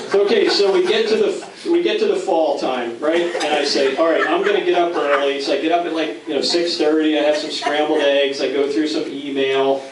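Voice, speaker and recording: A man's voice: a little high, steady tone, a little fast, few pauses, a crowd in the background. A middle-aged man from Philadelphia telling a self-mocking story at a company dinner, acting out the other voices. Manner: playful, self-mocking, acts out quoted voices. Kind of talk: storytelling speech. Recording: distant, very echoey, noisy room mic.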